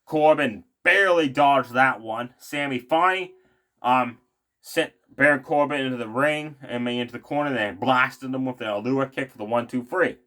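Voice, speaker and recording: Man, casual wrestling recap, rambling, lots of fillers, opinionated asides, middle pitch. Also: moderate pace, bright, forceful tone. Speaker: wrestling show recap vlogger.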